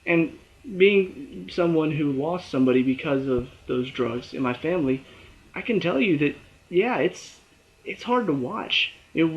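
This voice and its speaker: A man with a fairly high voice talks through a TV episode on his own, lively and quick to act out what the characters say. The recording is dull and lo-fi. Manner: animated, acts out characters' lines and his own reactions. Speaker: TV show reviewer. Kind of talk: casual solo review.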